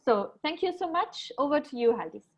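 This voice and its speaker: Webinar moderator, woman, high voice, halting with lots of ums over a video call. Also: expressive, poor audio. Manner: many ums and uhs, reads bios with small slips. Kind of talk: hosting a webinar, introducing speakers.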